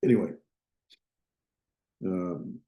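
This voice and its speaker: A man lecturing on Hebrew grammar to a classroom, his voice mellow and warm. He walks through each point step by step, thinking aloud and pausing to check that students follow. The sound rings a little off the room's walls. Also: low-pitched. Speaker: Biblical Hebrew instructor. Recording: echoey classroom.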